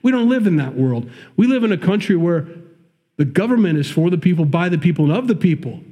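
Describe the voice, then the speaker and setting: A man's voice: sits high, animated, quick pace, dark tone, slightly rough. A man with a Midwestern accent preaching a sermon, reading scripture and breaking off into conversational, emphatic commentary. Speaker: pastor.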